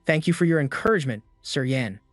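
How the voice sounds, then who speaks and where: Shy young princess, read by a man, earnest, polite, a bit high, faint music. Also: expressive, quick pace, no echo, lightly acted.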